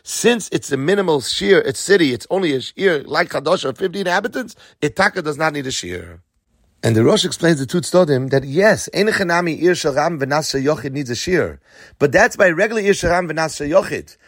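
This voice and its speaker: Man, Talmud lesson, slightly high voice, dry close sound, reads Aramaic then explains, asks and answers his own questions. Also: expressive, a little fast, no room sound. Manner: poses questions and answers them himself. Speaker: Talmud teacher.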